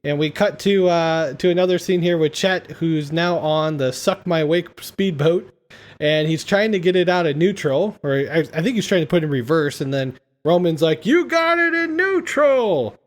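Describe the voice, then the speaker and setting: High-voiced man recapping a film. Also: normal speed. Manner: retelling scenes with enthusiasm. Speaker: podcast host. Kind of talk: casual film-recap chat.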